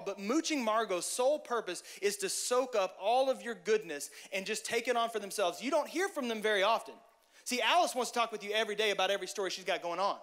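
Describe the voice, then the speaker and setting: A man giving a relaxed, conversational sermon with a notably high voice. He jokes and addresses the listeners directly, with lively energy. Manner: lively, joking, talks straight to the audience. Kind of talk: casual sermon.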